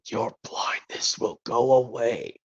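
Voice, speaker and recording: A man's voice: medium pitch, little pitch movement, takes it slowly, slightly rough, dull audio. A man whispering as a secretive bounty hunter woman, whispered role-play. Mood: hushed. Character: disguised female bounty hunter, calm and secretive.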